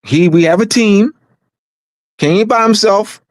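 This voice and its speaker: A community organizer hosting a meeting in unscripted livestream talk, emphatic and repetitive, often stumbling and restarting, moving between low, calm delivery and raised, shouting emphasis. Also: a little slow, no echo, clean studio sound.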